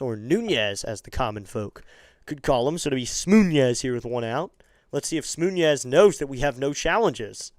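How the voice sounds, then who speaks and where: Man, fan baseball play-by-play, smooth clear voice, dry close sound, jumps up in pitch on big plays, chatty asides. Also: dry recording. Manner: rises sharply in pitch and volume on exciting plays. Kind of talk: amateur play-by-play commentary.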